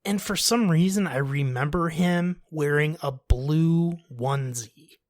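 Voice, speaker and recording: A man's voice: a little high, unhurried, no echo, clean studio sound. Crude joking young man telling a story. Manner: crude, joking, laughs through stories. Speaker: podcast co-host. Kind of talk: casual storytelling.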